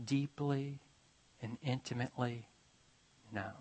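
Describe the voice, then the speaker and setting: A man preaching a sermon, retelling a story dramatically and moving between urgent, rising passages and hushed, drawn-out ones. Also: mid-range voice, steady tone, rough recording. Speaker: pastor.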